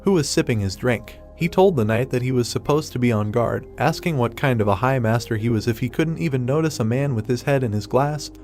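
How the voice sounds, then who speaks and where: A man narrating a comic recap in an even, steady third-person retelling. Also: medium pitch, fairly quick, hardly any pauses, soft background music. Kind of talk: scripted narration.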